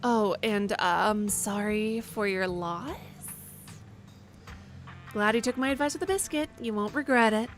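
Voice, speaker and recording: A chatty, welcoming server at a small-town diner in a game, speaking brightly and cheerfully at a mid-range pitch, as a woman streamer puts the voice on. Faint music sits behind the voice. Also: unhurried, lightly acted.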